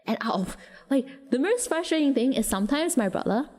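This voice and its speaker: A woman with an Australian accent chatting casually with her viewers on a livestream, rambling along with quick restarts and giggles. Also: sits high, lively intonation, darkish tone, in a large hall.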